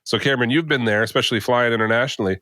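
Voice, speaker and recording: A man's voice: mid-range voice, racing, pushed and bright, no room sound, studio quality. A man hosting a podcast, telling a story in a rambling casual way full of fillers and asides. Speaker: podcast host.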